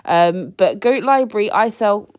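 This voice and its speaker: A woman's voice: mid-range voice, expressive, a little slow, a little mellow. A young woman chatting casually about secondhand finds for a thrifting vlog, laughing and using slangy asides. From England. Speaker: secondhand clothing reseller.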